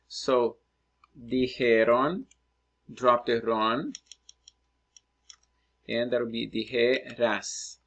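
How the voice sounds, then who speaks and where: A man teaching Spanish, working through practice exercises out loud and thinking aloud as he writes. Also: medium pitch, vocal fry, muffled recording. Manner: slow, patient, thinking aloud while writing. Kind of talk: screen-recorded lesson, working through exercises.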